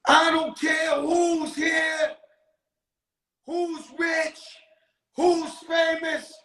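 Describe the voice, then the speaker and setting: Man doing a menacing female jail guard: loud, drawn-out, bright, high, a little echo. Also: little pitch movement, exaggerated voice. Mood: domineering. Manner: shouted, drawn-out threats.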